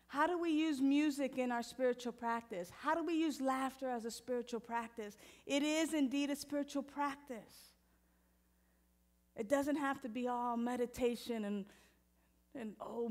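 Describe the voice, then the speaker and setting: A woman minister giving a lively, playful sermon, talking straight to the congregation and moving into a softer guided meditation. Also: fairly high pitch.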